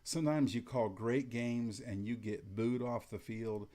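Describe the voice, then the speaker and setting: A middle-aged man talks umpires through handling coaches in a calm, matter-of-fact way. His voice is mellow and warm rather than bright, and when he acts out what to say on the field, his tone stays level and unhurried. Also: medium pitch. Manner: calm, matter-of-fact, demonstrates lines in a flat even tone. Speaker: umpire instructor. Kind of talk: instructional talk to umpires.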